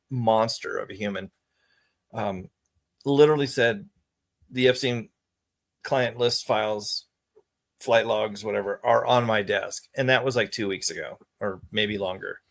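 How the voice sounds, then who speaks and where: A man's voice: lowish voice, a little slow, creaky, a bit bright. Rambling, exasperated man vlogging. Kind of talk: casual monologue to camera.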